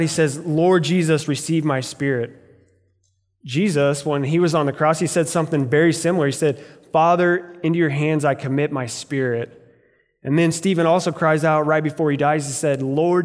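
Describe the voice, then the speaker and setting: A man's voice: fairly high pitch, big-room sound. A man preaching a sermon in a church, telling stories in a conversational way. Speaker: pastor. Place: church sanctuary.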